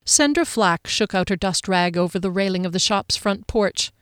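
A woman's voice: medium pitch, moderate pace, clean tone, no room sound, clean studio sound. Woman narrating a fantasy audiobook. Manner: expressive, dramatic reading.

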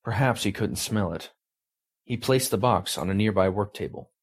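A man giving a dramatic story reading with an expressive, animated delivery. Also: fairly low pitch, normal speed, husky. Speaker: story reader.

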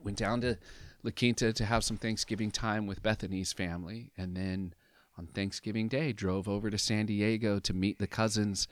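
Lower-voiced man in his fifties telling a story. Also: moderate pace, hardly any pauses, no echo. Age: 50s. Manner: animated, acts out other people's lines in raised voices; peppers his talk with "like" and "right?". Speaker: podcast guest. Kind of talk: personal storytelling in conversation.

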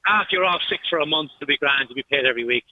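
A man's voice: a little high, animated, very fast, no room sound. A man with an Irish accent calling in to a radio show, blunt and opinionated. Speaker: caller. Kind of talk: phone-in call. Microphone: phone line. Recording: muffled phone line.

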